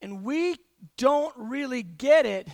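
A man preaching a conversational sermon in a church, acting out everyday scenes with lots of quick restarts. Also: extremely high pitch, no room sound. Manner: animated, acts out everyday scenes with frequent restarts.

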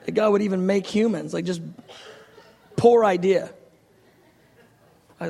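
Gravelly, high-voiced preacher man. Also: unhurried, pauses often, big-room sound. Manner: animated, laughing, self-mocking, ranging from loud to hushed. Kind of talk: storytelling sermon.

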